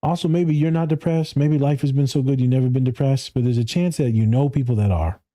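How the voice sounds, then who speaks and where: Man, therapist, casual podcast chat, profane and blunt, laughs a lot, very dark mellow voice. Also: fast. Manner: animated, mimics clients in higher voices. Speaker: therapist and speaker.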